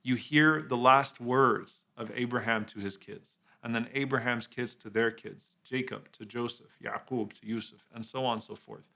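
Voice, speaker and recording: A man giving a reflective religious talk as a preacher, earnest and measured, slowing down on key phrases and dropping softly on the honorific blessings. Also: medium pitch, steady tone, creaky. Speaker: Islamic preacher.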